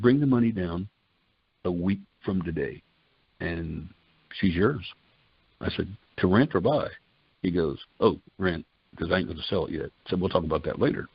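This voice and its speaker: An older man with a very deep, gravelly and husky voice tells his personal story in a folksy, conversational way. He acts out old conversations in quoted exchanges. The sound is dry and dull, like a lo-fi recording. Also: no echo. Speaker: testimony speaker.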